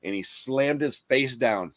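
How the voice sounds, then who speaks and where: A man hosts a loose, casual podcast chat. He tells his stories in a profane, animated way, and he leans on "bro" and "dude" constantly. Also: medium pitch, measured pace. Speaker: podcast host.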